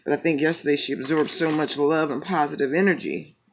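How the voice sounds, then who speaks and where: A man with a slightly high voice chats loosely before pulling tarot cards. He jokes, swears freely and drifts between tangents in a relaxed, rambling way. A faint hiss of noise sits under the recording. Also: fairly quick. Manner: joking, profane, rambling. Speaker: tarot reader. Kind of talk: casual chat and tarot reading.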